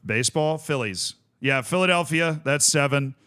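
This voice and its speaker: A young man from Tampa, Florida, streams a game in casual livestream chat, thinking aloud, listing things and correcting himself. His voice is fairly high in pitch, bright, forceful, clear and resonant, at a normal speed.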